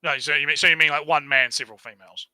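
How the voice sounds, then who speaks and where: A man's voice: a little high, fairly even intonation, rapid-fire, sharp tone, no room sound, poor audio. A man with a New Zealand accent chatting casually on a stream, rambling, swearing and laughing as he talks. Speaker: podcast co-host.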